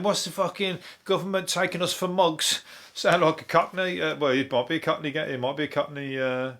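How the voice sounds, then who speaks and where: A man's voice: on the high side, fairly bright tone. Sweary rambling Birmingham comedian man. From Birmingham, England. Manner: sweary, laughing, digressive. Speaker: comedian host. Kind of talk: rambling comic news monologue.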